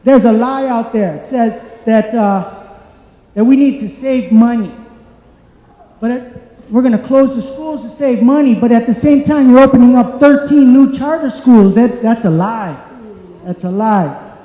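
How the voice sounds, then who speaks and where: A man's voice: very high-pitched, unhurried. Angry community speaker, man, heated and repetitive; echoey church hall, muffled. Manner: angry, emphatic, repeats points. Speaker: community member speaking at public meeting. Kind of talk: impassioned public comment. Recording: echoey hall, dull sound.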